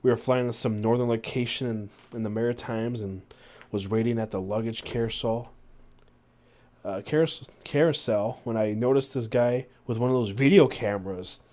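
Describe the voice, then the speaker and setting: Male podcast host, mid-pitched, reads passages aloud and breaks off for loose asides. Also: moderate pace, warm tone. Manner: reads passages aloud, doing the quoted voices, with fillers and asides. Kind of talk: reading aloud from books.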